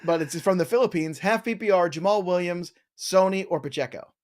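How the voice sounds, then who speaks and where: A man's voice: high-pitched, a little fast, darkish tone. A man hosting a live stream Q&A, reading viewer questions with playful, joking banter.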